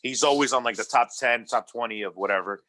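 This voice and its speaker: A man's voice: mid-range voice, fast talker, pushed and bright. A man from New Jersey, a podcast guest chatting casually and rambling, often repeating himself and swearing offhand. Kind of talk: casual chat.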